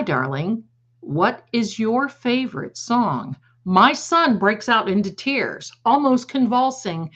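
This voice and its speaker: A woman's voice: mid-range voice, fairly bright tone. Chatty older woman telling stories, lo-fi. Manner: chatty, digressive, laughs at her own stories. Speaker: tarot reader hosting a livestream. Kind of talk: casual storytelling to a live audience. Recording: slightly dull lo-fi sound.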